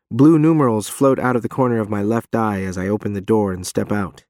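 A man's voice: lowish voice, a little fast, hardly any pauses, a little mellow, dry recording, clean studio sound. A man narrating a story in first person. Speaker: audiobook narrator. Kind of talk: scripted narration.

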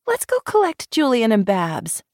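A woman voicing a cheerful, slightly tipsy woman who speaks in a bubbly, drawn-out way. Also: a little high, wildly swooping pitch, darkish tone, no echo, clean studio sound, voice pushed up.

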